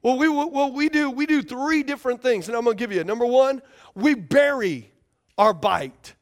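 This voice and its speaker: A man's voice: very high-pitched, normal speed. A man preaching a sermon as a pastor, emphatic and repetitive, often asking the congregation for responses.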